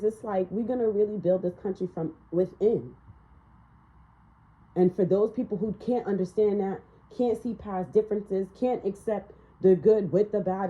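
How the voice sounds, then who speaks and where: A woman's voice: mid-range voice, warm tone, lo-fi sound. A woman giving a casual spiritual tarot reading in a blunt, ranting manner, swearing freely. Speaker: tarot reader.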